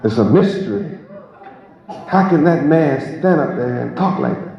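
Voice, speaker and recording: A man's voice: fairly high pitch, animated, measured pace. A man teaching a sermon in an emphatic, rhetorical way, drawing out key words. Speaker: religious teacher. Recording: echoey lo-fi hall recording with crowd.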